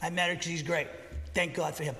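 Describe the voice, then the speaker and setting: Male pastor, sermon, high voice, emphatic, rambling, restarts his sentences, long hall echo. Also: steady tone, quick pace, bright, forceful tone. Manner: rambling, self-correcting, emphatic.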